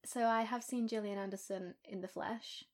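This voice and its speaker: A woman's voice: mid-range voice, fairly even intonation, normal speed, darkish tone. A young woman co-hosting a podcast, chatting casually and rambling with frequent laughter. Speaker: podcast co-host. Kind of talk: casual chat.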